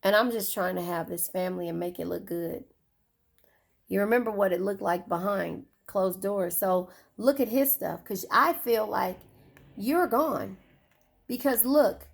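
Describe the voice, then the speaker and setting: Gravelly-voiced chatty woman tarot reader. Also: mid-range voice. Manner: chatty, swears, repeats phrases. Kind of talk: casual tarot reading.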